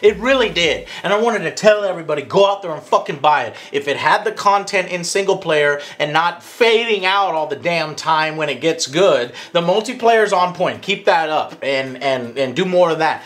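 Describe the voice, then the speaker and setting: A young man co-hosting a casual game review chat, excitable and profane, ranting. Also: fairly high pitch, normal speed, hardly any pauses.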